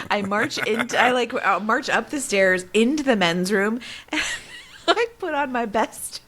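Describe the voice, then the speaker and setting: A lively podcast co-host laughs her way through a story in a casual storytelling chat. Her voice is medium-pitched at a moderate pace, with a slight hiss or hum in the audio.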